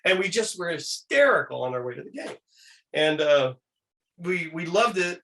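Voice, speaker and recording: A man with a bright, forceful, fairly high voice tells his stories with animated energy. He jumps into quoted voices mid-anecdote and keeps a lively, colorful delivery as an interview guest. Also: normal speed, gravelly.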